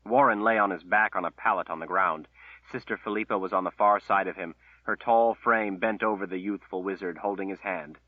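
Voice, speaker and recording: Husky low man, phone-like audio. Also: fairly quick, no room sound. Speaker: audiobook narrator. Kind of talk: scripted fantasy narration. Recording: tinny phone-like line.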